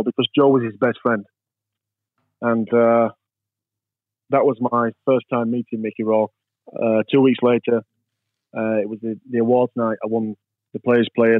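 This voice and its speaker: A man from England, a guest in a casual interview, tells rambling anecdotes and acts out the voices of people in his stories. His medium-pitched voice has no echo, and the recording is dry with a tinny, phone-like sound.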